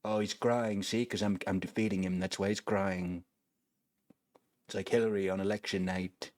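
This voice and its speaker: A man's voice: low voice, little pitch movement, normal speed, darkish tone, no echo, studio quality, lightly acted. A man putting on an impression of a brash, bragging older politician with boastful, repetitive "okay?" tags while playing a video game.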